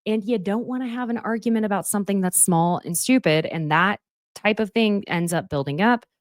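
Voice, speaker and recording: A woman's voice: mid-range voice, fairly quick, dry recording, studio quality. A young woman hosting a podcast, recapping a reality show in a chatty, opinionated way and quoting cast members. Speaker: podcast host. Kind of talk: casual recap commentary.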